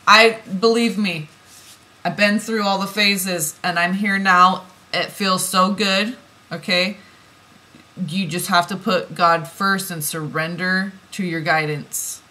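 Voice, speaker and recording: Bright-voiced woman giving a card reading. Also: medium pitch, fairly even intonation, slow pace. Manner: emotional, swings from soft musing to heated swearing rants. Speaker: tarot reader.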